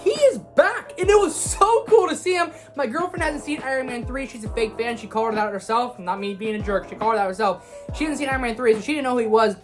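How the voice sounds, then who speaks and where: A woman giving an excited spoiler movie review in a gushing, casual way, with slang and swearing. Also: on the high side, fast talker, faint music behind. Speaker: film reviewer.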